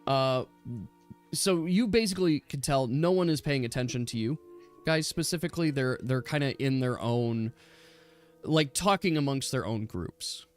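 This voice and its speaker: A man running a tabletop role-playing game as game master, narrating scenes in a relaxed, halting way with many fillers. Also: mid-range voice, soft background music.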